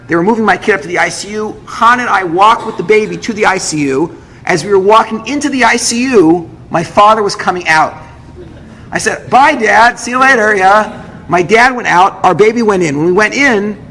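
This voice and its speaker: A man, a rabbi, telling a personal story to an audience, acting out the dialogue in an animated way. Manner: lively, acts out dialogue with big pitch jumps. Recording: roomy hall with long reverb, faint noise.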